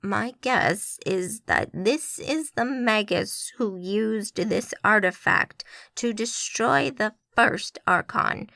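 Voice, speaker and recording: A woman reading an audiobook, voicing a cold, power-hungry middle-aged man in a slow, measured way. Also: medium pitch, gravelly, sharp tone, no echo, clean studio sound, exaggerated voice. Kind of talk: audiobook character voice.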